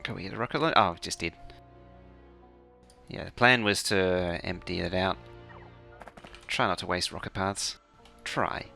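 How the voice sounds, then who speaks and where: A man's voice: deep voice, fairly even intonation, a little slow, gravelly, long pauses, bright, forceful tone, soft background music. A man casually commentating while he plays, muttering to himself and now and then making playful mouth sound effects. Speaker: game streamer. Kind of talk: casual live-stream commentary.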